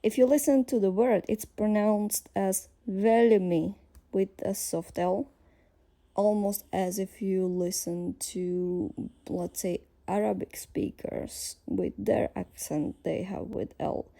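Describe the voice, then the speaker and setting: A woman with a Slovak accent teaching a language lesson, explaining slowly with frequent fillers and pauses as she thinks aloud. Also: mid-range voice, vocal fry, mellow.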